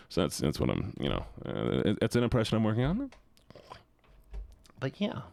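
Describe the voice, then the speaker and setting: A man's voice: on the low side, wildly swooping pitch, normal speed, gravelly, long pauses, a little mellow, no echo. A man streaming live, chatting casually in a rambling, jokey, profane and scattered way.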